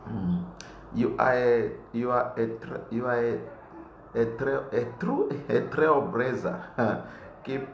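Animated man on a live stream. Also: medium pitch, slow pace, roomy sound, a little hiss or hum. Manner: animated, laughs often, gets loud when fired up. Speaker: aspiring politician answering viewer comments. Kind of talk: live-stream chat reading comments.

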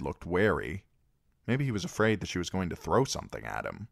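A man with a lowish voice reads a novel aloud, his pitch moving lively through each sentence. The sound is close and dry, with no room around it. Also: a little fast, creaky, dry recording. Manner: expressive, animated reading. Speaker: amateur audiobook reader. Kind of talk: storybook narration.

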